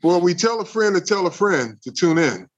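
A man's voice: high-pitched, very animated, moderate pace. A man in his sixties co-hosting a podcast, chatting casually and ribbing his guest. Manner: teasing, ribbing. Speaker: podcast co-host, former pro player. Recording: dull lo-fi sound.

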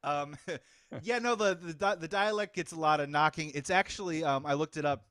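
A man's voice: a little high, moderate pace, a bit bright, smooth, no echo, clean studio sound. A man hosting a casual movie podcast, upbeat and often laughing, stretching words out for emphasis. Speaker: podcast host.

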